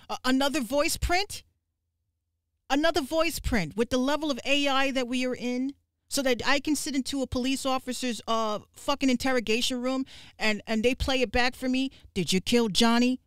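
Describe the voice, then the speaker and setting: A woman podcast host ranting on a livestream, profane and fiery, with quick asides to her viewers. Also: sits high, fairly even intonation, fairly bright tone, clear, resonant tone, no echo, clean studio sound. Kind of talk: livestream rant.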